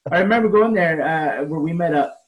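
A man's voice: on the high side, fairly quick, slight background noise. A man hosting a podcast, chatting casually and reacting with short replies. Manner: relaxed, laughs along, short backchannels. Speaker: podcast host. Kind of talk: casual interview.

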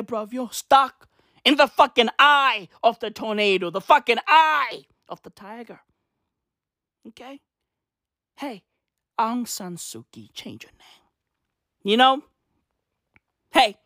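A woman from South Africa doing a profane comedic rant, swearing constantly, full of slang and tangents, with sudden loud outbursts. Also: fairly high pitch, dry recording, studio quality. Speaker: comedic monologue host.

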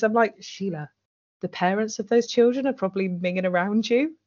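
A woman's voice: medium pitch, fairly quick, darkish tone. Blunt, sweary woman. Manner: blunt, sweary, laughs often, acts out quotes. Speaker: podcast co-host recapping a TV drama. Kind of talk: casual chat. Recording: dull lo-fi audio.

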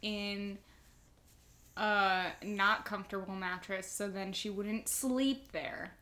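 A woman's voice: mid-range voice, steady tone, slow pace, bright, forceful tone. A woman co-hosting a podcast, chatting casually and reacting eagerly to the story. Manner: chatty reactions with gasps and laughs. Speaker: podcast co-host. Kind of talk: casual chat.

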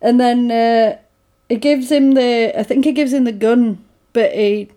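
A woman's voice: on the high side, measured pace. A woman in casual chat, animatedly retelling a film scene by scene with lots of restarts. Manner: animated storytelling, acts out quotes, chatty restarts. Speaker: film recap chatter.

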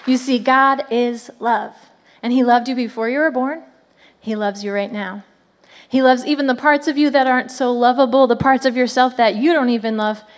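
A high-voiced woman in her thirties preaching to families. She swings between bright, lively calls to the crowd and softer, slower lines. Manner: animated, frequent "come on" calls to the crowd. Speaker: children's ministry speaker. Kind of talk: sermon to families.

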